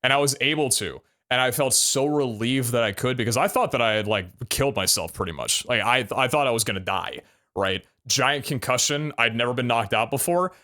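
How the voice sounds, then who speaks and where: A man's voice: medium pitch, lively intonation, brisk, pushed and bright. A young adult man streaming live, telling a story casually, full of laughs and casual swearing.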